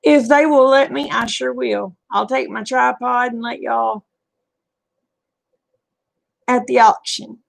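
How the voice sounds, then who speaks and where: A woman's voice: a little high, steady tone, takes it slowly, creaky, long pauses. A middle-aged woman with a Southern US accent, chatting casually with viewers and answering their comments in a folksy way. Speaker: livestream host.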